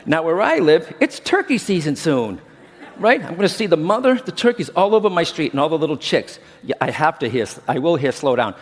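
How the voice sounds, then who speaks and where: Middle-aged man, chatty conference speaker with a lively, bouncing delivery, long hall reverb. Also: a little high, fairly quick. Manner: chatty, keeps checking in with the crowd. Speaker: medium teaching a workshop. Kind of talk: conference talk to a live audience.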